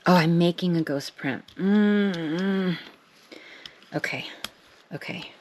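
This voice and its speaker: A woman's voice: lowish voice, slow pace, darkish tone, slight background noise. A middle-aged woman, chatting casually and joking at her own expense as she makes art. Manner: chatty, self-deprecating, talks to herself while working. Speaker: craft vlogger. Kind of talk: casual chat while making art.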